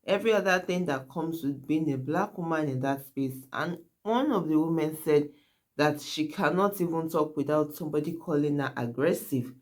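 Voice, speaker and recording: A YouTube host speaks earnestly to viewers in casual commentary, with a mid-range voice. He often checks in with "right?" and "guys."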